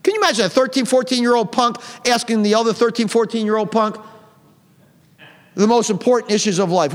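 A middle-aged male pastor delivers a fiery, blunt sermon, scolding his congregation and firing off rhetorical questions. His voice sits high for a man. A long reverb trails his words through the church sanctuary. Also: a little fast.

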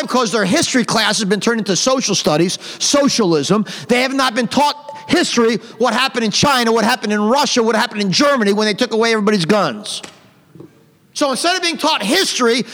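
A middle-aged male pastor delivers a fiery, blunt sermon, scolding his congregation and firing off rhetorical questions. His voice sits high for a man. A long reverb trails his words through the church sanctuary. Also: fairly bright tone.

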